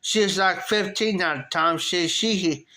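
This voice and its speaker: A middle-aged American man streaming live, telling a rambling story to his chat, with lots of repeated phrases and lively quoting of himself. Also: high voice, a little slow.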